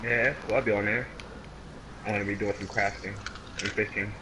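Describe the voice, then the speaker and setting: Easygoing low-voiced man on voice chat. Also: steady tone, brisk, background noise. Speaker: friend joining voice chat. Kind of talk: casual gaming chat.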